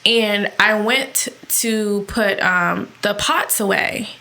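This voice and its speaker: A young woman co-hosting a podcast, telling a personal story in a casual, animated way and acting out the voices she quotes. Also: medium pitch, slow pace. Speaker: podcast co-host. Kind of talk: casual chat.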